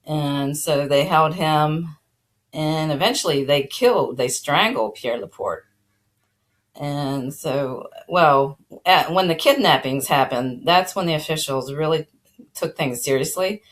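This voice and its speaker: Woman host, low voice, relaxed rambling history chat with fillers and chuckles. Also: a little slow. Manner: rambling, many fillers and restarts; chuckles now and then while talking. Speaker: channel host. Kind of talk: casual spoken history talk.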